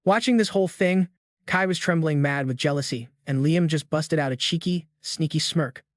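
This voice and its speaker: Male narrator, slangy casual recap delivery, fairly high voice, dry close sound. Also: moderate pace, no echo.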